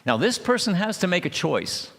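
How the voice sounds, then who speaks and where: A man speaking at a church marriage seminar, talking haltingly with many restarts and checking in with his listeners by asking "okay?". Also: sits high, sing-song, gravelly, a bit bright. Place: church hall. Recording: long hall reverb.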